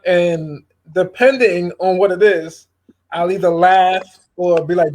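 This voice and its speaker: High-voiced man speaking hesitantly. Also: slow, darkish tone. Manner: hesitant, weighs his words with fillers. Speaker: father of a young daughter. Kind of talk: casual group chat.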